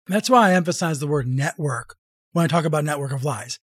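Measured male journalist guest. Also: a little high, breathy edge, no room sound, clean studio sound. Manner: measured, explanatory, reads quotes aloud. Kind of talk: conversational interview.

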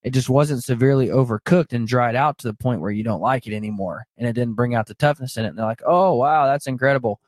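A man's voice: medium pitch, fast, few pauses, a little mellow, no room sound. A man hosting a podcast in casual chat, making his points in an emphatic, preachy way. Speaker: podcast host.

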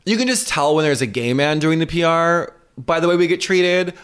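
A man's voice: on the high side, moderate pace, fairly bright tone, smooth. A man co-hosting a casual vlog chat, telling travel stories and swearing freely. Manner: chatty storyteller who swears freely. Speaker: co-host.

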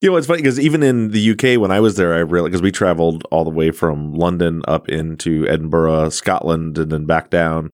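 A man's voice: low voice, fairly even intonation, brisk, hardly any pauses, darkish tone, no echo, studio quality. A man hosting a casual interview, easygoing and self-deprecating, laughing often. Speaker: podcast host.

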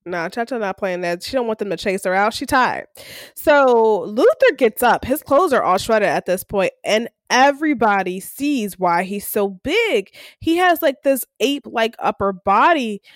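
A woman's voice: on the high side, animated, unhurried, no echo, studio quality. A woman co-hosting a recap podcast, casually retelling episode scenes and acting out the characters' lines. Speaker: podcast co-host.

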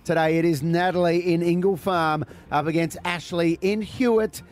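A man's voice: on the high side, fairly even intonation, moderate pace, a little mellow. A man with an Australian accent co-hosting a breakfast radio show, chatting casually and laughing easily. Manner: laughing, easygoing, rambling.

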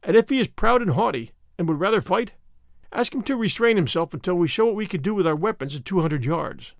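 A man voicing a bold, commanding young male leader in an audiobook, forceful and quick to excitement. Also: high-pitched, dry recording. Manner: forceful, rising to excited outbursts. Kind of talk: audiobook character reading.

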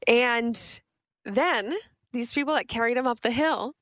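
A young woman co-hosting a radio show, telling stories in a chatty, animated way full of restarts. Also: fairly high pitch, unhurried, no echo. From Southwestern Ontario, Canada. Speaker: radio co-host. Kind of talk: casual radio chat. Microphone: studio microphone.

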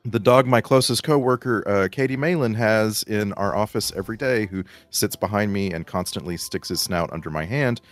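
A man sitting in as guest co-host on a casual podcast, explaining things in a measured way. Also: lowish voice. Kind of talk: casual chat.

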